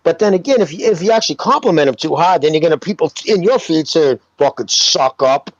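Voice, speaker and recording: A fairly high-voiced man co-hosting a podcast, his pitch swinging widely as he gets worked up. He swears freely and laughs often. His audio sounds dull and completely dry, like a remote feed. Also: lively intonation, quick pace, a little mellow, no room sound. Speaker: podcast co-host. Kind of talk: casual podcast chat.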